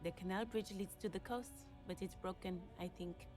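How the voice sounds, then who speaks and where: A woman's voice: mid-range voice, normal speed, music in the background, close to an everyday voice. An actress voicing a helpful local woman in a detective game, polite and matter-of-fact. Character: helpful local woman giving directions, casual.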